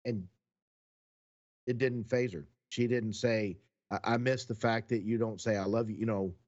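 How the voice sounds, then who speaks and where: A man's voice: on the low side, steady tone, normal speed, darkish tone, muffled recording. A married man co-hosting a podcast, talking in a rambling, folksy, reflective way in casual chat. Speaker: podcast co-host.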